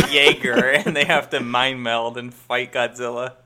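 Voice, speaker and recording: A man co-hosting a casual podcast, talking in loose, rambling runs peppered with "like" and quick laughs. His voice is bright and forceful, sitting at an everyday pitch for a man. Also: animated. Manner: rambling, laughs often, lots of "like". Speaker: podcast co-host.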